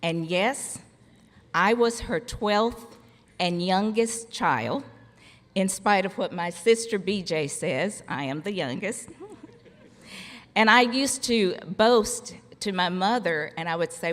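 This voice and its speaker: Slow-spoken woman in a reverberant hall. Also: mid-range voice. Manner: slow, deliberate delivery with pauses for laughs. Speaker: commencement speaker, former college faculty member. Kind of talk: formal ceremony speech with humorous storytelling. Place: large hall at a graduation ceremony. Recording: long reverb of a large hall.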